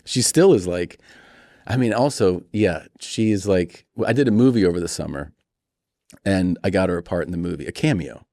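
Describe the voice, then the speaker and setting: Lively low-voiced male storyteller. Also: moderate pace, dry recording, studio quality. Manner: animated storyteller, acts out quoted voices. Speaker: comedian guest. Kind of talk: casual storytelling interview.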